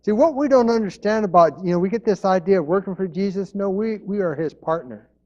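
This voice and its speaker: A man's voice: sits high, brisk, mellow, dull audio. A man preaching a sermon as pastor, in an earnest manner, repeating his key phrases.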